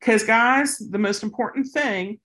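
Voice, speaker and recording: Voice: measured pace, sharp tone. A dog trainer giving casual training tips mixed with anecdotes, talking in a chatty way and acting out the people in the stories. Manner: chatty, acts out quoted people with big pitch jumps.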